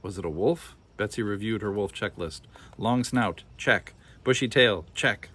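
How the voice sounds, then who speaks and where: A man reading a children's picture book aloud with expressive, animated storytelling. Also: fairly low pitch, a little slow. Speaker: storybook reader.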